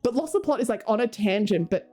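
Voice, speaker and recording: A young Australian woman chats casually with her stream viewers, playful and rambling, laughing often and swearing. Her voice is on the high side and mellow, with lively intonation and a fast pace. Faint music plays in the background.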